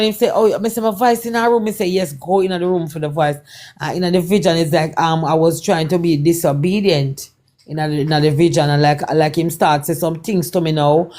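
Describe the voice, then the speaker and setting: Her voice sits on the low side and sounds a little mellow as this Jamaican woman, a guest performer, shares a personal testimony. The telling is laced with Patois, circles back on itself repeatedly, and brings the story's conversations to life through quoted dialogue.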